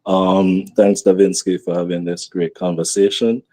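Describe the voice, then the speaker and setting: A man's voice: sits low, level tone, normal speed, mellow, no echo. A man in an online debate, conciliatory and hesitant, often repeating himself. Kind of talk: online debate closing statement.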